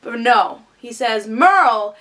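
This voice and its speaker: Woman, bright clear voice, casual TV review, chatty and eager, lots of fillers. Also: fairly high pitch, animated, takes it slowly. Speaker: TV show reviewer.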